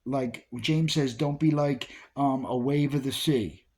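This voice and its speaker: A man's voice: medium pitch, measured pace, darkish tone. A man giving an informal Bible study talk, repeating key phrases with emphasis as he preaches. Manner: repetitive, emphatic preaching with restarts.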